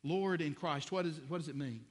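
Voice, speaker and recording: A man preaching a sermon who climbs to loud, high emphasis at key points. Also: moderate pace. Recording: long reverb of a large hall.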